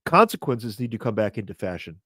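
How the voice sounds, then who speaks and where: A man in his fifties co-hosting a casual talk show, animated and indignant, his voice jumping up when he gets worked up. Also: lowish voice, fairly quick, no room sound, studio quality. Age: 50s. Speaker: podcast co-host.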